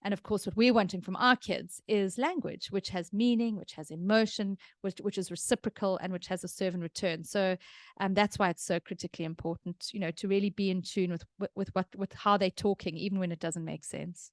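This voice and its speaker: A woman's voice: medium pitch, fairly even intonation, a little fast, no room sound, clean studio sound. Chatty South African woman explaining. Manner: chatty, explanatory, laughs easily. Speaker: podcast host, parenting expert. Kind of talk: casual advice chat.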